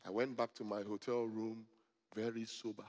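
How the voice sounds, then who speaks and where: A middle-aged man, a pastor, preaching a sermon to a congregation, telling stories with humor and rising to loud emphatic peaks. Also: lowish voice, level tone, moderate pace. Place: church hall before a congregation. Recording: long hall reverb.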